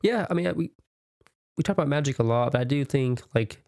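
A chatty man on a podcast, rambling through his points with plenty of filler words. His voice is smooth and resonant, recorded close and dry with no room sound. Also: medium pitch, lively intonation, quick pace, darkish tone, no room sound. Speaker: podcast co-host. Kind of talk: casual chat.

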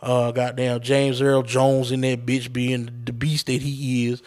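A man's voice: mid-range voice, level tone, unhurried, darkish tone. A man hosting his own podcast, ranting casually and profanely straight to his listeners. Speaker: podcast host. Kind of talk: casual solo podcast rant.

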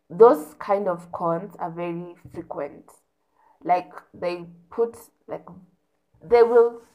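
A young woman tells a story in a casual, emphatic rant. She talks slowly and draws out her words, with a fairly low voice. She repeats words and phrases to hammer her point home.

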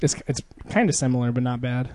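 A man's voice: medium pitch, fast, a little mellow, a little hiss or hum. A man co-hosting a podcast, chatting casually in a rambling, profane way and laughing often as he tells stories. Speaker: podcast co-host.

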